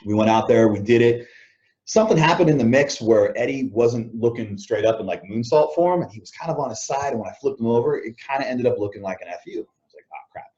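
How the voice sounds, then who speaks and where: A man's voice: mid-range voice, quick pace. A man being interviewed as a guest, telling backstage stories in a casual way, acting out what others said and chuckling often. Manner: animated anecdotes, acts out quoted lines, chuckles often. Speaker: interview guest, former wrestler. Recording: dull lo-fi audio.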